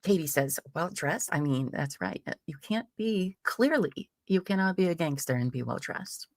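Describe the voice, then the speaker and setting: A woman's voice: sits low, expressive, moderate pace, darkish tone, no room sound, clean studio sound. A woman hosting a live true crime stream, reading a transcript aloud and breaking off into casual, profane commentary with laughing asides. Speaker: true crime livestream host. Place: home streaming setup.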